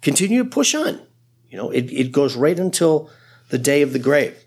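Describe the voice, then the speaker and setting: A man who is a pastor, preaching a sermon in an animated, conversational way with frequent asides. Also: fairly high pitch, normal speed, slightly rough.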